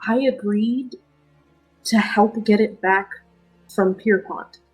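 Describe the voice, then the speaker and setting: A woman voicing a nervous young male half-drow rogue who stammers and speaks quietly, like an apology. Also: medium pitch, fairly even intonation, slow pace, slightly rough, faint music behind, poor audio.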